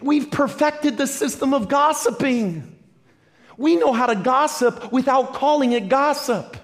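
High-voiced man preaching a lively sermon. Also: a little slow. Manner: lively, humorous preaching with repeated phrases. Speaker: pastor.

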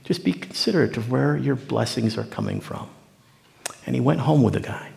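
A man's voice: medium pitch, lively intonation, moderate pace, creaky, a little mellow, long reverb tail. A man preaching a sermon, telling a story and acting out its people in dialogue. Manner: storytelling preacher who acts out the figures in dialogue. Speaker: pastor.

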